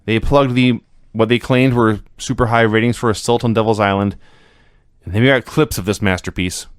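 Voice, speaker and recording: A man's voice: lowish voice, fairly even intonation, normal speed, clean tone, dry recording. A man co-hosting a podcast in casual chat, recapping things with dry, sarcastic humor. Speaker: podcast co-host.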